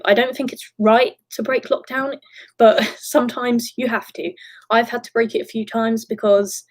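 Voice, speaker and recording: A woman's voice: mid-range voice, rough recording. A young woman, talking frankly and emotionally on a live stream, swearing and laughing nervously between phrases. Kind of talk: candid live-stream talk.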